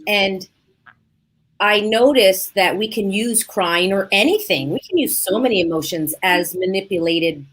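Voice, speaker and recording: A woman hosting a podcast in casual conversation, animated and acting out her own past inner thoughts as she talks. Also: medium pitch, unhurried, slight background noise. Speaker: podcast host.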